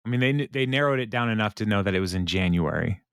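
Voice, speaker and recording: A man's voice: fairly low pitch, animated, fast talker, a bit bright, smooth, no echo. Man casually recapping a show, very dry sound. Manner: rambling, filler-heavy, laughs often. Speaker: podcast co-host.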